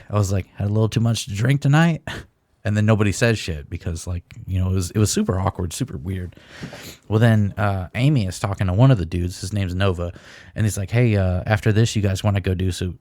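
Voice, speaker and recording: A man's voice: sits low, a little mellow, no echo, clean studio sound. A young man co-hosting a comedy podcast, telling rambling stories full of swearing. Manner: profane, rambling storyteller. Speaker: podcast co-host. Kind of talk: casual comedy chat.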